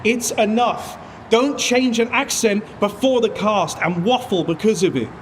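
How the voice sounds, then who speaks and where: A man's voice: high-pitched, a little slow, a little hiss or hum. A man in a comedy sketch giving a colleague an earnest pep talk with some swearing.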